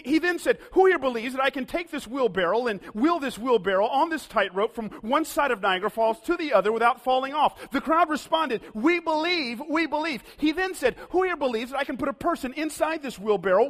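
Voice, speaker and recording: A man preaching a sermon, dramatic, swinging from loud calls down to hushed lows. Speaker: pastor. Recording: long hall reverb.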